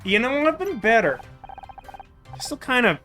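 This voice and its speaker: A man's voice: very high-pitched, sing-song, unhurried, pushed and bright, faint music behind, pitched above the performer's own voice, full character voice. A man voicing a weary young woman, an actress who talks in a subdued, tired way.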